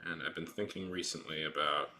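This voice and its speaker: A man's voice: extremely low pitch, steady tone, fairly quick, pushed and bright, slight background noise. A man streaming and chatting casually with his viewers, rambling with frequent restarts and fillers. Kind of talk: casual chat with live chat while drawing.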